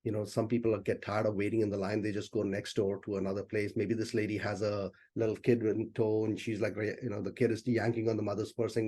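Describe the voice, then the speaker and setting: A man's voice: fairly low pitch, level tone, quick pace, few pauses, dark tone, breathy edge. A man as a business coach, teaching in a loose, conversational way during an online session and often saying "you know".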